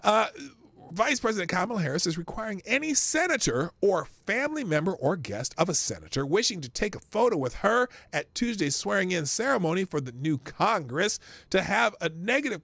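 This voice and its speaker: Gravelly, lively-voiced sarcastic male host. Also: a little high, dry recording. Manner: sarcastic, stumbles over words and laughs at himself. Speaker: podcast host. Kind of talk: reading news aloud with sarcastic commentary.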